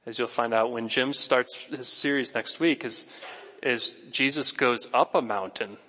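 A male pastor preaching a sermon in a church sanctuary, conversational and animated, speaking directly to his congregation. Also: mid-range voice, in a large hall.

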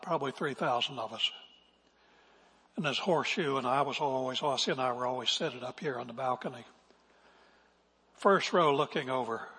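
Earnest husky male pastor preaching. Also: mid-range voice, a bit bright. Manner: earnest, emphatic, acts out quotes. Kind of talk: sermon. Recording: long reverb of a large hall.

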